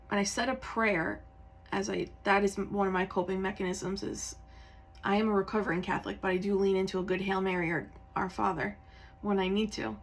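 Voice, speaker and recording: A woman tarot reader talks in a candid, confessional way, slightly tearful. Her speech wanders, with fillers and restarts, at a middling pitch for a woman. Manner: candid, rambling, with many fillers and self-corrections. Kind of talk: casual confessional talk.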